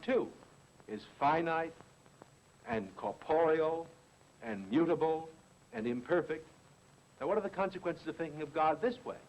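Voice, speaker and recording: A middle-aged man, a philosopher and teacher, giving a deliberate, emphatic lecture with repeated stresses on key words. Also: on the high side, darkish tone, poor audio.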